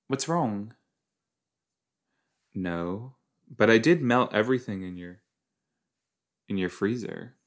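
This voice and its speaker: A man's voice: lowish voice, expressive, slow pace, pauses often. A man hosting a podcast, rambling playfully and reacting casually to an episode as he watches, with silly made-up words. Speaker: podcast host.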